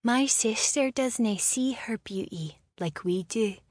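A woman voicing a loyal young elder sister, speaking softly and breathily. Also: fairly high pitch, animated, slow, slightly rough, no echo, studio quality, voice pushed up, heavily acted. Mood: protective.

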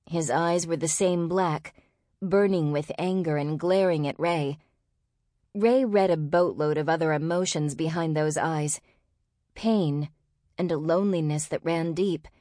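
A woman reads a novel aloud in a measured storytelling voice that sits on the low side. She is recorded on a close studio mic with no room sound at all. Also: warm tone, dry recording. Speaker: audiobook narrator. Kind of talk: scripted narration.

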